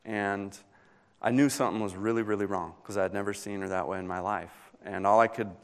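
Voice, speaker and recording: A young adult man, a pastor, preaching a sermon and telling a personal story in an earnest, pausing way that builds in intensity. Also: on the low side, fairly even intonation.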